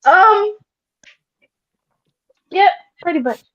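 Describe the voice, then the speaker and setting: A woman's voice: very high-pitched, lively intonation, very slow. Laid-back woman co-host, muffled sound. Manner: laid-back, laughing, offhand. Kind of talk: casual chat.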